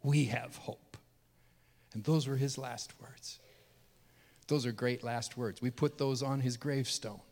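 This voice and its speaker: A male pastor telling a story from the pulpit, earnest and heartfelt. His voice sits at an ordinary middle pitch, but it drops to a hush and then climbs loud and high at the emotional peaks. A long hall reverb trails every phrase. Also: fairly even intonation, measured pace. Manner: earnest, swings from hushed to loud and high when moved. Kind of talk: sermon storytelling.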